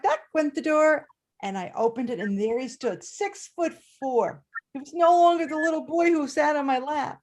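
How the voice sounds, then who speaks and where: An older woman performing a story at a live storytelling event, animated and acting out the voices and sounds. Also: high voice.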